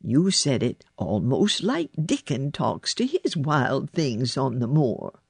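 A woman reading aloud and voicing a gruff old male gardener who speaks slowly, sternly and plainly. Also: a bass voice, huge pitch swings, a little mellow, no echo, heavily acted. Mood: kindly. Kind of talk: storybook reading.

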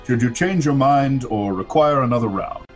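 A man's voice: medium pitch, lively intonation, normal speed, natural voice. A man doing a sly, courtly noble patron. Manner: genial, courtly, smooth-talking. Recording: faint background music.

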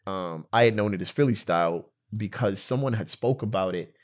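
A man co-hosting a casual chat, talking in animated bursts with quick asides. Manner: animated, jumps between high and low pitch, fast asides.

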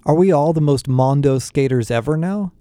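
A man's voice: a little high, normal speed, mellow, smooth, dry recording, studio quality, natural voice. A man voicing a goofy, slangy teenage boy. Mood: playful. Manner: slangy, playful.

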